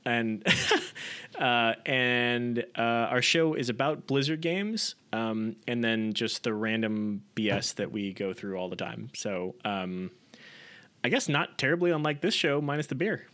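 A man appearing as a guest on a podcast, relaxed and self-deprecating in casual chat. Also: medium pitch, a little slow.

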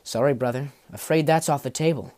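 Give me a man playing a cold, cackling villain with a smooth mocking drawl, in an audiobook. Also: medium pitch, brisk, a little mellow, natural voice. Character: sly cold villain, older brother, cackling menace.

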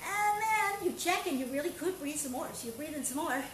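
Brief: high-pitched, upbeat woman leading an online movement class, echoey room, faint background noise. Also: expressive, brisk. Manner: upbeat, playful, coaching with counts and shouts. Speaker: karate and movement instructor. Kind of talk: live online exercise class.

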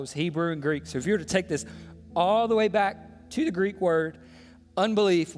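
Impassioned male pastor preaching in a hall. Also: high-pitched. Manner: impassioned, rhetorical questions to the congregation. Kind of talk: sermon. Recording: long hall reverb with faint music.

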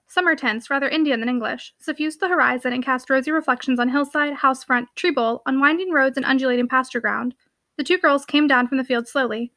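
A woman narrating a classic novel for her podcast, reading steadily and clearly. Her voice is high and bright, with a sharp, forward tone. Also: no room sound. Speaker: podcast host and audiobook reader. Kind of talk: audiobook narration.

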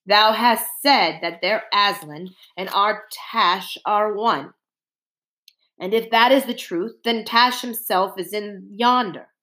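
A woman's voice: medium pitch, slow pace, sharp tone. A woman voicing an earnest young male soldier who speaks in formal, old-fashioned words.

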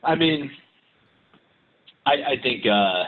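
A man's voice: mid-range voice, lively intonation, slow, phone-quality sound. A man from the car industry, chatting on a podcast and rambling with many restarts. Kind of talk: casual podcast chat.

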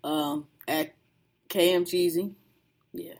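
A woman co-hosting a podcast in casual chat, telling animated, profane stories, laughing often and mocking others with imitations. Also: lowish voice, slow, gravelly. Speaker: podcast co-host.

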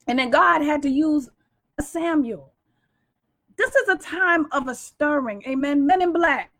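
High-voiced woman preaching with call-and-response. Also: fairly bright tone. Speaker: co-host. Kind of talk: preaching-style talk.

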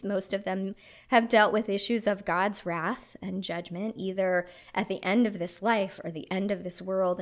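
Earnest woman preaching a sermon. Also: medium pitch. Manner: earnest, reflective storytelling.

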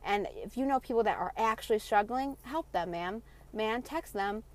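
Young woman ranting on her podcast, fired up and sarcastic, swearing a lot, kinda high voice. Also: normal speed. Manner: passionate, profane, sarcastic. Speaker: podcast host. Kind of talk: ranting monologue.

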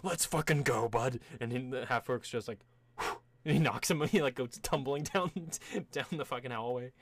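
A man's voice: medium pitch, moderate pace. A man in casual chat, brainstorming game characters, laughing often and swearing freely. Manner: animated, laughing, profane.

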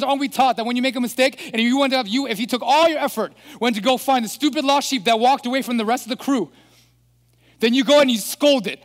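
A man preaching a sermon as pastor, animated and throwing rhetorical questions at the congregation. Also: very high voice, fast. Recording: long hall reverb.

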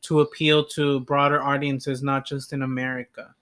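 A man co-hosts a relaxed chat podcast, full of fillers and restarts while he hunts for the right words. His delivery is halting but friendly. His voice sits at a middle pitch. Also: clean tone. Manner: hesitant, filler-heavy, searching for words. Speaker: podcast co-host. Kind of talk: casual chat.

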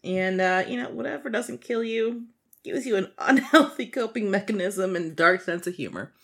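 Woman podcast host, casual chat, laughs a lot, sing-song lively pitch. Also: normal speed, slightly rough. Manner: giggly, rambling, frequent laughter and fillers.

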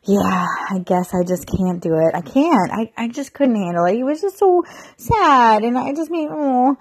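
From bed at home, a mom vlogger in her thirties rambles chattily to the camera, peppering her talk with "like" and "you know" and sounding mentally drained. Her fairly high, animated voice has a darkish tone and a breathy edge, at normal speed. No room sound is audible.

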